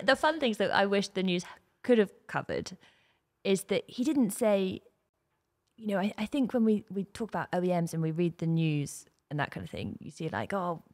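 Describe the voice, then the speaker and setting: A chatty woman with a slightly low voice, co-hosting a relaxed chat around a kitchen table. She talks freely and laughs at herself now and then. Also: normal speed. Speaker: co-host. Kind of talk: casual chat.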